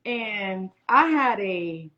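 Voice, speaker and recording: A woman's voice: mid-range voice, animated, extremely slow, sharp tone. A woman in her forties, a guest chef, telling a story in a casual interview and acting out other people's lines in quoted voices. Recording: muffled lo-fi audio.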